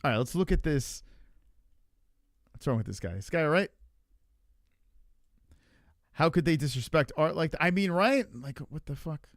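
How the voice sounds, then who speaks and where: A man's voice: fairly high pitch, animated, moderate pace, long pauses, dry recording, studio quality. A man hosting a livestream, chatting casually and reading the chat in a rambling, profane way. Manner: rambling, loose and swearing a lot.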